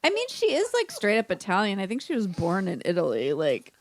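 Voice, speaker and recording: A woman's voice: mid-range voice, wildly swooping pitch, fairly quick, slight background noise. A woman co-hosting a casual chat podcast, chatty and teasing, who laughs often. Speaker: podcast co-host.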